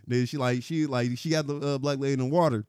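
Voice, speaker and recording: A man's voice: mid-range voice, clean tone, no room sound, studio quality. A man co-hosting a podcast, telling a story with lots of laughing and acted-out quotes. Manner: animated storyteller, acts out quotes with big laughs. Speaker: podcast co-host. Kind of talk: casual storytelling chat. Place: podcast studio.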